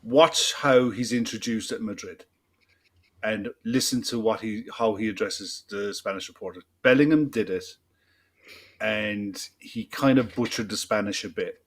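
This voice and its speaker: A man's voice: lowish voice, a little slow. Blunt, emphatic football podcast man. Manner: blunt, emphatic, swears freely. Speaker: podcast co-host. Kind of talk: casual football chat.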